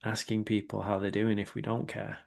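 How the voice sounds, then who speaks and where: A man, speaking as a guest in a candid, reflective interview and often checking in with a quick 'right?'. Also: on the low side, flat delivery, creaky. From England. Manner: reflective, with many filler words and rhetorical 'right?'.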